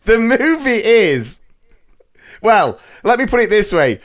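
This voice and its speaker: A man's voice: high-pitched, huge pitch swings, extremely slow, pauses often, sharp tone. A man hosting a movie podcast, jokey, upbeat and chatty. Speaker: podcast host. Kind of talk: casual chat.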